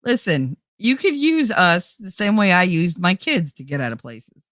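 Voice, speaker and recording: A woman's voice: fairly low pitch, big pitch swings, normal speed, fairly bright tone, no room sound. A middle-aged woman hosting her own channel, chatting casually to viewers in a rambling, joking way and laughing often. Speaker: YouTube channel host.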